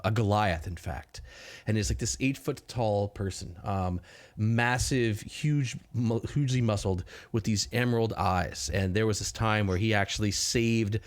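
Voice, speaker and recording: A man narrating as game master of a tabletop game, rambling with many fillers and restarts. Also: on the low side.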